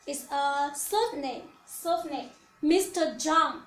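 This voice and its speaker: A woman teaching Chinese, calling out each syllable loudly, then explaining its meaning quietly in English. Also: sits high, a little slow. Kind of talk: slow pinyin drill lesson. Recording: echoey room.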